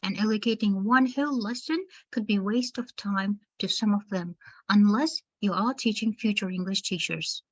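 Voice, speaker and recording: A woman's voice: medium pitch, normal speed, highs cut off. A woman teacher trainer giving an online webinar lecture, explaining step by step and addressing her listeners as dear teachers. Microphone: video call.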